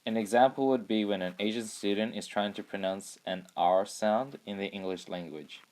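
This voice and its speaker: A young man reading a prepared school presentation in a steady voice. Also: fairly low pitch, moderate pace. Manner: reads a prepared script steadily. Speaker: student presenter. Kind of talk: school project narration.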